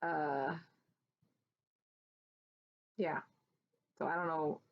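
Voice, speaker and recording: A woman with a lowish, gravelly voice chats casually at home, rambling through fillers and restarts as she shows her work. The recording is dull and lo-fi, with a faint hiss of background noise. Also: steady tone, very slow. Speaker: cross-stitch vlogger. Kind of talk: casual show-and-tell chat.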